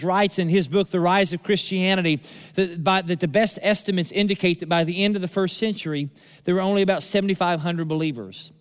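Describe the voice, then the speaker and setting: Male pastor, high voice, preaching with repetition and pauses, long hall reverb. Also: clean tone. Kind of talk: sermon.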